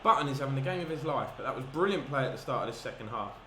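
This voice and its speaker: An excitable man talks through his football video game match at a middle pitch, narrating every pass and yelping when a chance comes. His voice rings around an echoey room with steady noise behind it. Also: very fast. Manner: excitable, bursts into shouts at chances. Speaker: gaming commentator. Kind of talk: live football game commentary.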